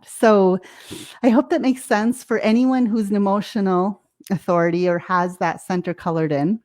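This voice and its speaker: A woman's voice: medium pitch, fairly even intonation, normal speed, darkish tone. An American woman, a life coach as guest, explaining things casually, laughing often and acting out her own reactions. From United States.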